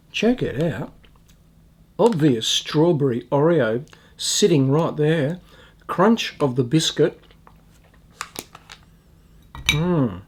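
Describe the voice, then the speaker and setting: A man's voice: on the high side, darkish tone. A man with an Australian accent hosting a casual food taste-test vlog, chatty and rambling with frequent ums and restarts. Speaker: food reviewer and channel host.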